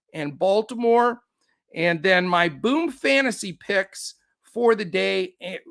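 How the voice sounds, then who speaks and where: Male host, breathless and upbeat, sharp bright tone, dry recording. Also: high-pitched, no room sound. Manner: quick, upbeat, many fillers. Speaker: fantasy sports host. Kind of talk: live-stream picks rundown.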